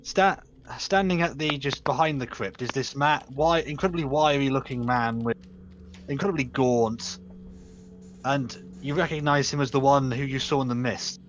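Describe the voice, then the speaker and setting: A man's voice: medium pitch, moderate pace. Casual young male game master. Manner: casual, stumbling restarts while describing scenes. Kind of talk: narrating a tabletop game.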